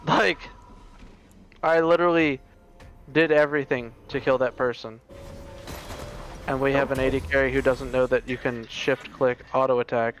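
A man's voice: medium pitch, steady tone, moderate pace, long pauses, fairly bright tone, faint music behind. A man talking casually with his teammates during an online game, eager about his game plans.

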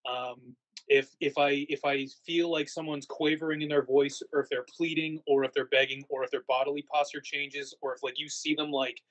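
A man's voice: on the high side, fairly even intonation, normal speed, fairly bright tone, rough recording. A man answering interview questions in a casual, rambling way, full of fillers and restarts. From United States. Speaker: haunt actor guest.

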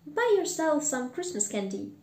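A woman reading an excitable old male miser aloud in an echoey room, calling out his lines loudly. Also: high voice, normal speed, voice pushed up. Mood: joyful. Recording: roomy echo.

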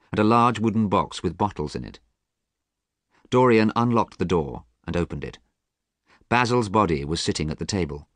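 Deep-voiced man reading a storybook. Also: no echo, studio quality. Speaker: audiobook narrator. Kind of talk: scripted storybook narration.

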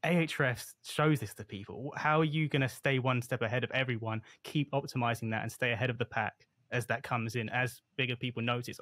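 Relaxed male podcast host, dry sound. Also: medium pitch, a little fast, few pauses, no echo. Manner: relaxed, asks long rambling questions. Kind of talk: casual podcast interview.

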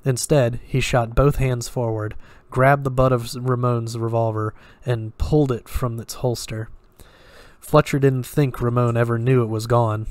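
A man reading a dark thriller story aloud in a steady, even storytelling manner. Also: medium pitch, no echo. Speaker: story reader. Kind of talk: audiobook-style story reading.

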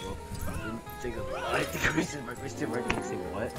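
Game music plays behind a teen gamer who reads his group chat aloud to friends as casual commentary, laughing often. His voice is mid-range, and he talks a little fast.

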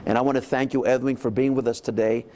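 A man's voice: mid-range voice, little pitch movement, fast talker, warm tone. A man hosting a religious interview, who affirms his guest and then exhorts the audience like a preacher. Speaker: pastor host.

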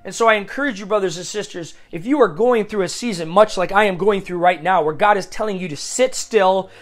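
Earnest high-voiced man preaching. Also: brisk. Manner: earnest and confessional, quotes verses at length. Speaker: Christian speaker. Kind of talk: devotional sermon with scripture reading.

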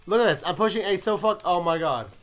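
A young man giving live gameplay commentary, cursing and breaking into loud, frustrated outbursts. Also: sits high, quick pace. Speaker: gaming commentator.

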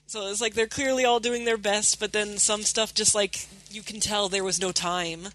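A woman co-hosting a podcast in casual chat, sarcastic and quick, laughing often. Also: medium pitch, fairly even intonation, a bit bright. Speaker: podcast co-host.

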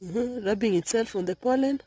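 A woman filming her vegetable garden outdoors, talking softly in a half-whisper as she narrates. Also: a little high, fairly quick, breathy edge, no room sound. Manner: soft, half-whispered, coaxing. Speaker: gardening vlogger.

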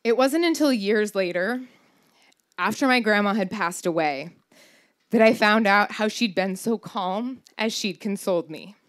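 Woman, 30s, stage storyteller; wry, candid delivery with a very animated melody. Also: medium pitch, measured pace. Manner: wry, candid, swears for comic emphasis. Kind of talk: live personal storytelling performance.

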